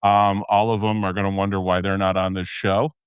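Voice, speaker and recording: A man's voice: deep voice, level tone, fairly quick, smooth, no echo. A man with a Chicago accent hosting a podcast, talking candidly and chatting with guests, with frequent "uh"s. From Midwestern US. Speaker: podcast host. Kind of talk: casual podcast talk.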